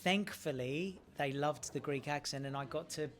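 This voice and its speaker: Chatty Australian man, fairly high voice. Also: normal speed. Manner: chatty and friendly, repeats and restarts phrases. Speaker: actor interviewed as guest. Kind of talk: casual press interview at a premiere.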